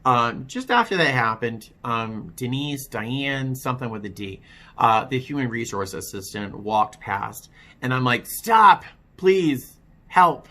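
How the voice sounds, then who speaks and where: Bright-voiced man, halting testimony. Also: mid-range voice. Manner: halting, with frequent restarts; candid, wry storytelling. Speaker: vlogger telling his recovery story. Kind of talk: personal testimony vlog.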